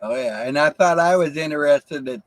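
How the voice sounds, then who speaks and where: A man's voice: fairly high pitch, moderate pace, no echo. Easygoing man hosting a livestream. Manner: easygoing, agreeable, laughs often. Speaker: livestream host. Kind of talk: casual livestream chat.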